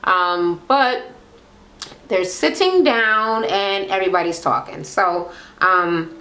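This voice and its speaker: A woman's voice: on the low side, expressive, takes it slowly, pushed and bright. A woman in casual chat recapping a reality show, blunt and profane, gossiping and acting out what people said.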